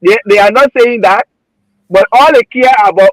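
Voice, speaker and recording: A man's voice: high voice, moderate pace, no echo, poor audio. A man with a Liberian accent giving passionate, emotional political commentary, repeating himself as he argues. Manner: emotional, repetitive, heated.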